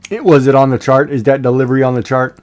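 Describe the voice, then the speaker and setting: A man's voice: mid-range voice, fairly even intonation, quick pace, soft background music. A man hosting a livestream, chatting casually and jokingly with viewers. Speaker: livestream host.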